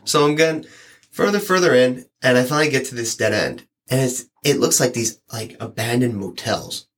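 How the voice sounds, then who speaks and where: Man in casual chat, animated storyteller voicing customers' lines. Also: medium pitch, normal speed. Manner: rambling, animated, acts out quoted lines. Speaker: delivery driver sharing stories.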